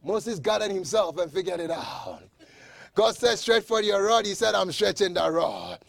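A man preaching a sermon, shouting scripture with slow dramatic emphasis and swinging between loud proclamations and quiet asides. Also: high voice, sing-song, gravelly, dry recording. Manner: quoting scripture.

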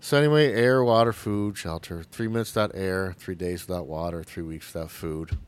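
A man's voice: deep voice, normal speed, clean tone. A man co-hosting a podcast, chatting casually, sarcastic and profane, often laughing. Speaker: podcast co-host. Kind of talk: casual chat.

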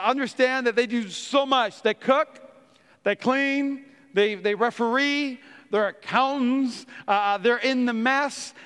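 A man's voice: very high-pitched, smooth, big-room sound. A middle-aged man, a pastor, preaching a sermon in a church, telling funny family stories and acting out the quotes in them. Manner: animated storyteller, acts out quotes.

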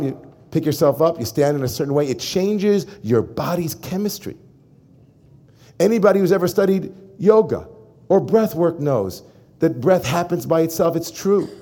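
A rabbi giving a sermon to his congregation, emphatic and animated, often turning to address the listeners directly. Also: medium pitch.

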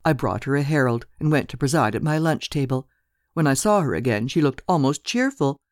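A woman's voice: a bass voice, lively intonation, brisk, dry recording. Woman doing a gossipy landlady, rambles on and on, audiobook, dry sound. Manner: rambling, talkative. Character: chatty gossipy middle-aged landlady, woman.

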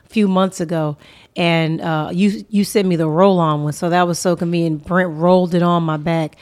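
A woman's voice: fairly low pitch, fairly even intonation, moderate pace, darkish tone. Blunt, profane woman podcast host. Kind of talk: casual chat.

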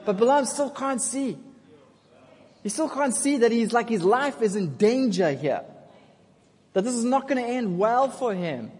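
In a church full of long reverb, a pastor speaks in an extremely high but darkish-toned voice, unhurried and lively in intonation. His sermon is casual and jokey storytelling, and he calls for responses from the congregation.

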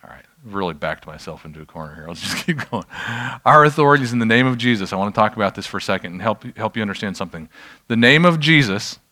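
Male pastor, lowish voice, chatty self-deprecating teaching to a room of people. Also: very animated, quick pace, bright, forceful tone. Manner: conversational, self-deprecating, checks in with the audience. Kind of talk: informal sermon teaching. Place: church room with an audience.

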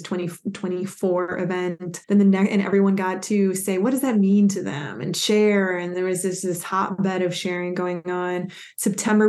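A woman with a mellow, fairly low voice speaks as an interview guest. She tells her stories earnestly and with enthusiasm, in a flat, even tone. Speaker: guest, executive coach.

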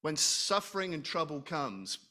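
Preaching conversationally, this middle-aged man quizzes his congregation and cracks jokes at his own expense. He sounds bright and forceful, his slightly high voice very animated yet unhurried.

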